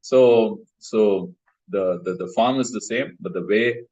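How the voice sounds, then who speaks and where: A man's voice: fairly low pitch, takes it slowly, dark tone. A man, teaching a scripture class over a video call and explaining in a patient, hesitant way with many fillers. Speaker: spiritual class speaker. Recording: muffled video call audio.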